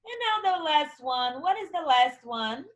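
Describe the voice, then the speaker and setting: A woman's voice: sits high, expressive, unhurried, highs cut off. A young adult woman with a Brazilian Portuguese accent, teaching English to children in an online lesson and spelling words out letter by letter with encouragement.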